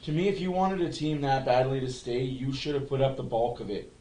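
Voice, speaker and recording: A man hosting a fan livestream, giving excitable casual commentary and chat, often repeating himself and swearing. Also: mid-range voice, brisk, roomy sound, slight background noise, poor audio.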